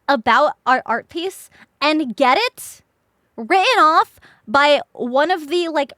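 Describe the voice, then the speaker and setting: A woman's voice: sits high, a bit bright, no echo, clean studio sound. A young woman streamer telling a story casually to her chat, laughing often and swearing freely.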